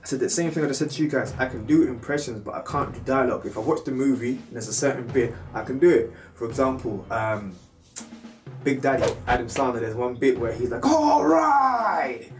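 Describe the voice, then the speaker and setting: British male vlogger with an easygoing storytelling style and a mid-pitched voice, recorded a bit away from the mic over faint music. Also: fast talker, distant mic. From United Kingdom. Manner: chatty and animated, slips into loud film impressions. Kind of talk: casual storytelling.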